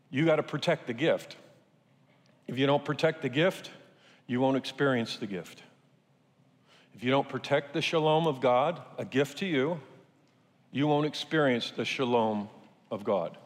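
A man's voice: medium pitch, unhurried, long pauses. Man preaching in a reverberant hall. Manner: conversational, repeats key phrases, acts out quotes. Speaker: pastor. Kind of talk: sermon.

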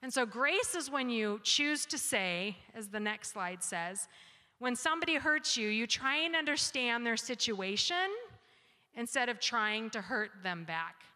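A woman in her forties giving a talk with slides, telling parenting stories and acting out her children's lines in an animated way. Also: a little high, a little slow, in a large hall. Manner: animated storyteller, acts out her kids' voices. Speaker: speaker giving a talk on grace.

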